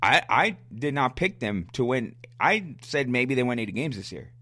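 A man's voice: mid-range voice, sing-song, moderate pace, pushed and bright, no echo. A man hosting a solo sports podcast gets worked up as he argues with his listeners. He is blunt and repeats his points, and he coughs now and then. His voice sits in a middling range, and the close mic leaves the sound dry, with no room in it. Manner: fired-up, blunt, argumentative, repeats himself. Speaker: podcast host.

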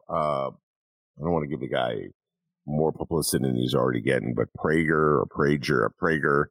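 A man's voice: rumbling low, vocal fry, no echo. Man, podcast host, casual political talk, rambling, fillers, dry close sound. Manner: animated, rambling with many fillers and mock voices.

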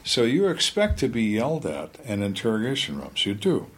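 Husky older man telling stories. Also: mid-range voice, normal speed. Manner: calm, dry, acts out suspects' lines. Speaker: retired homicide detective, guest. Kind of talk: storytelling in interview.

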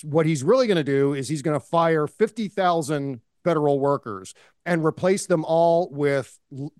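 A man's voice: fairly high pitch, a little mellow, no echo, studio quality. A man co-hosting a political podcast, talking in an impassioned, indignant way. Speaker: podcast co-host. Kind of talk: casual political chat.

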